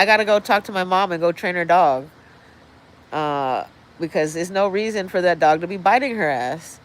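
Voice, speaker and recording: A woman's voice: medium pitch, low-quality recording. Woman ranting on her livestream, blunt and sweary, rambles on. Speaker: livestream host. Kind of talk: casual livestream rant. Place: indoors, apartment building.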